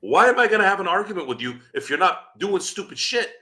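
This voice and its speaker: A male podcast host delivers a profane, angry rant. His voice is very bright and cutting, dropping into a low growl before flaring into loud outbursts. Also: very animated, quick pace. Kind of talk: profane ranting commentary.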